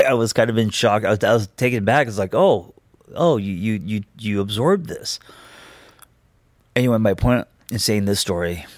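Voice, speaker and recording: A man's voice: lowish voice, no room sound. A man in his thirties hosting a podcast, talking candidly and reflectively in a loose, rambling way with frequent ums. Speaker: podcast host. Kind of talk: casual personal monologue.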